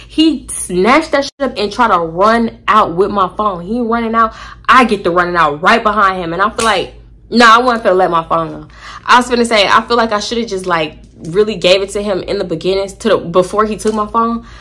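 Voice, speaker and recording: A woman telling a story in a casual vlog, animated, slangy and profane. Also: mid-range voice.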